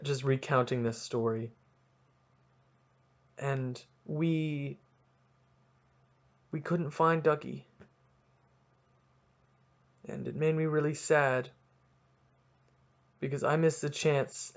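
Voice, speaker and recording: Young man, podcast host, casual story, self-mocking, dramatic quoting, a bit high-pitched. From Canada. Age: young adult.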